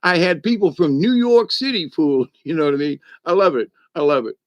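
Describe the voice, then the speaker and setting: A fairly high, expressive voice, a little fast, belongs to a South Georgia man telling his live chat wandering stories peppered with "you know" and "but anyway." The recording is dry.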